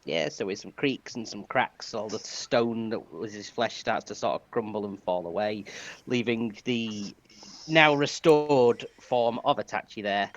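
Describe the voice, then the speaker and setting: A man, running a tabletop game as game master in a relaxed way. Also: on the low side, muffled recording. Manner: relaxed, with many restarts.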